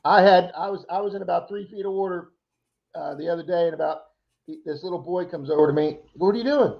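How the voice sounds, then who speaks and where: A man's voice: high voice, fairly even intonation, quick pace, gravelly, muffled recording. A man co-hosting a casual livestream, chatty and teasing as he reads out viewer names. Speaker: livestream co-host.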